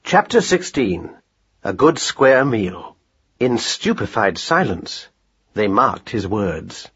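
A man narrating a children's story in an expressive audiobook style, on a dull lo-fi recording. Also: fairly low pitch, slow, breathy edge.

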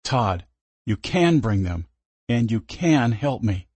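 A desperate small stranger presses his plea in a low, breathy hush, dragging each word out slowly, voiced by a male storyteller. The voice sits soft and dry, close to the ear. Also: sing-song, no echo, heavily acted. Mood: urgent. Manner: slow, hushed urging.

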